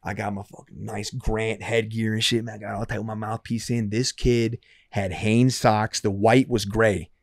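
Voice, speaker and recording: A man in his thirties from Michigan, telling a story as a podcast guest in a loose, profane, animated way. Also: fairly low pitch, moderate pace, dry recording, studio quality. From Dearborn, Michigan, US. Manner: profane, animated, repeats himself when excited. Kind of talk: casual storytelling.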